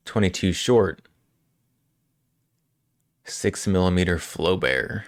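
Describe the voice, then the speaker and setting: A deep-voiced man chats casually on a live stream, taking his time and laughing often. His talk rambles with restarts and chuckles. The sound is dry and close. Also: measured pace, pauses often, dry recording.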